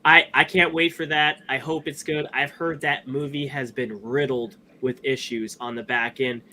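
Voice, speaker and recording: A man co-hosting a podcast, chatting casually about films in an animated, rambling way with many restarts. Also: medium pitch, normal speed, a little hiss or hum. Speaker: podcast co-host. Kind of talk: casual movie review chat.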